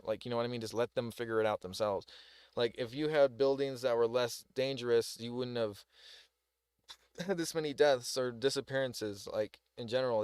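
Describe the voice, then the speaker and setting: A man's voice: medium pitch, clear, resonant tone, no room sound. A man with a Southern US accent, ranting in a rambling, heated way while reacting to a news video on a live stream. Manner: rambling, heated, lots of "like" and "bro". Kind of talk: casual commentary on a news video.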